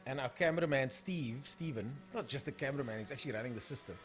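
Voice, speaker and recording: A man's voice: medium pitch, fast, soft background music. A young man with a South African accent hosting a casual live stream of drag racing, calling the races and chatting through viewer comments.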